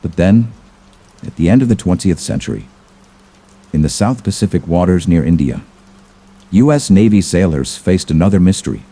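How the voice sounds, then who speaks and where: Man, horror story narrator, deep voice, very dark tone, measured, ominous, scripted.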